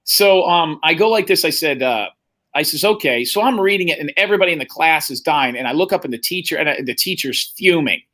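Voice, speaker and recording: A man's voice: a little high, expressive, brisk, pushed and bright. A middle-aged man telling a long, profane story in casual chat and acting out the other people's lines. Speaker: podcast host telling a story.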